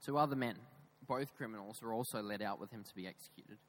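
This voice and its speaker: A man preaching a sermon in a church, emphatic, with raised stresses that drop into quiet, low asides. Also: quick pace, rough recording. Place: church with screens.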